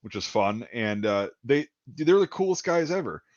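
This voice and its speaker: A man's voice: medium pitch, big pitch swings, normal speed, a little mellow, no room sound. A man from Wisconsin telling a rambling story in casual chat, repeating words and acting out what people said. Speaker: podcast host. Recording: dull lo-fi dry sound.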